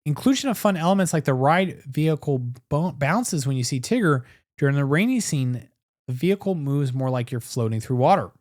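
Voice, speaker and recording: Animated man with a lively voice. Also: fairly high pitch, brisk, no room sound, studio quality. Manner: chatty, explains park details step by step. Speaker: podcast co-host. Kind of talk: casual chat.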